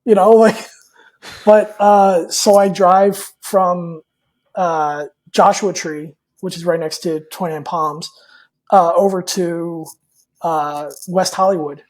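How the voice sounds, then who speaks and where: Mellow-voiced man telling a rambling story. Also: sits high, steady tone, slow pace. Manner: rambling, with many fillers and repeated words; candid and personal. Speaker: podcast guest. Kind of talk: casual storytelling in an interview.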